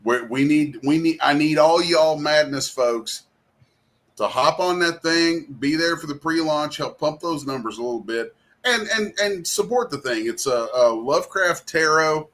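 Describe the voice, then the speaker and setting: A man's voice: a little high, unhurried, fairly bright tone. A man hosting a casual livestream chat, crude, rambling and self-deprecating. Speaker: host and comic artist.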